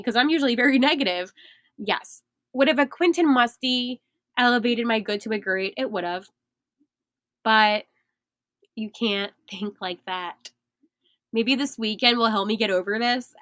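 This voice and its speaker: A young woman hosting a sports podcast, animated and emphatic, laughing at herself now and then. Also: a little high, no echo. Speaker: podcast host. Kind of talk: excited sports podcast talk.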